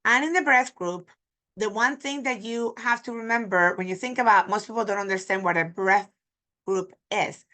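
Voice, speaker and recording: In this online pronunciation lesson, a Puerto Rican Spanish teacher whose first language is Spanish speaks in a bright, medium-pitched female voice. Her approach is demonstrative, slowly repeating example words.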